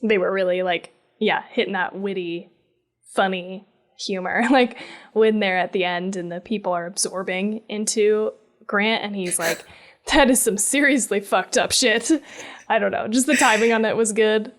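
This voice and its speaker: A woman's voice: mid-range voice, fairly even intonation, normal speed. Woman, podcast co-host, casual chat, filler-heavy, conversational. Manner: chatty, many fillers like "like". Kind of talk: casual movie review chat.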